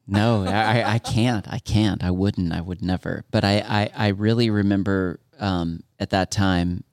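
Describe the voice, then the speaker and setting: A man talking as a podcast guest, halting, with lots of restarts and fillers. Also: on the low side, fairly even intonation, a little mellow, no room sound, clean studio sound. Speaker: coffee company founder, podcast guest. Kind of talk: casual chat.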